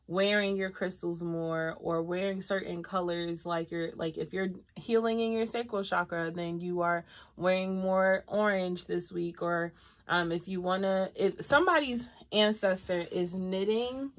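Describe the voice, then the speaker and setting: A woman giving a live tarot reading, chatty and expressive, speaking straight to her viewers. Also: lowish voice, measured pace. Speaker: tarot reader.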